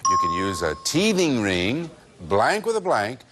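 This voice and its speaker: A man's voice: medium pitch, huge pitch swings, measured pace. A man hosting a TV game show, upbeat and chatty as he explains the rules. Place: TV studio with live audience. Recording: noisy 1980s TV studio tape, audience.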